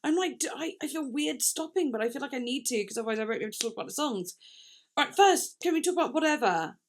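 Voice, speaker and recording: A woman's voice: high-pitched, animated, fast, background noise. A young woman chatting casually in a music reaction video, thinking aloud with lots of fillers and restarts.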